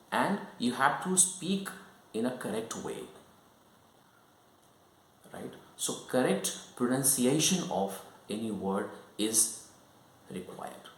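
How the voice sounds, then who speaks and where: Man teaching English in a roomy echo. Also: medium pitch. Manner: explanatory, keeps checking in with "right?" and "okay?". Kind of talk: online English lesson.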